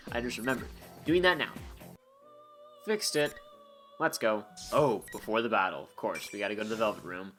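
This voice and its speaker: A man's voice: medium pitch, pushed and bright. Joking man reading game text aloud. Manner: joking, sarcastic, rambling asides. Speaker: gameplay commentator. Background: faint game music.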